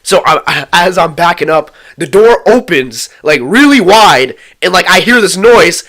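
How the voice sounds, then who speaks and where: A young man tells a story, loose and rambling, with heavy swearing and excitable retellings. His voice sits a little high and comes across sharp and bright. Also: unhurried. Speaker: vlogger telling a story. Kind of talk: profane casual storytime.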